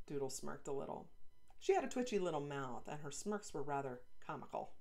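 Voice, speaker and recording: A woman author reading her children's novel aloud in an expressive, playful narrating voice. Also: deep voice, a little fast. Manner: lively, playful asides.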